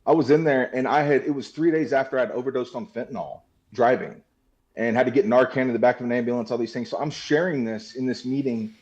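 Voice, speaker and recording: A man's voice: mid-range voice, fast talker, darkish tone, highs cut off. A man sharing his recovery story in a video-call meeting, candid and emotional, swearing freely. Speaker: meeting participant. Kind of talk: personal recovery share.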